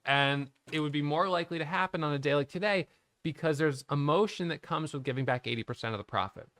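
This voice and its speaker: A man's voice: a little high, fast, fairly bright tone, dry recording, studio quality. A middle-aged man, a day trading educator, candidly thinking aloud about his trades, questioning himself and restarting sentences. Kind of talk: reflective trading recap to camera.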